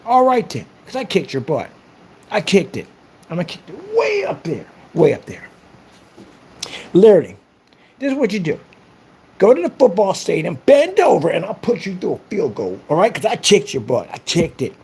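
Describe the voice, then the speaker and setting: Boastful animated young man. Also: high voice, normal speed, slightly rough. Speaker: vlogger. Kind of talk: casual trash-talk monologue.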